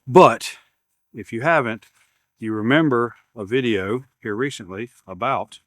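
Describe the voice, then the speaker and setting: A man's voice: medium pitch, measured pace, no room sound, studio quality. A man, rambling casually as he unboxes gear at his workshop bench. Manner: rambling, repeats words, self-deprecating humor. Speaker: YouTube maker unboxing camera gear.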